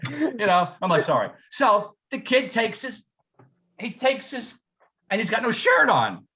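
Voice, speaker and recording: A man's voice: very high voice, a little slow, a little hiss or hum. A man who teaches music, telling funny stories in a casual chat, laughing often and acting out the people he quotes. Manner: animated, laughing, swearing, acts out quoted voices. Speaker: podcast co-host, music teacher.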